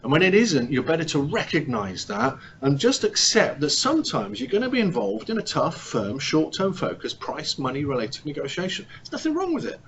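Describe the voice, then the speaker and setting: A man's voice: fairly high pitch, wildly swooping pitch, brisk, hardly any pauses, fairly bright tone, dull audio, slight background noise. Man giving a chatty seminar talk. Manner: conversational, asks rhetorical tag questions. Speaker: negotiation speaker. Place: meeting room with an audience.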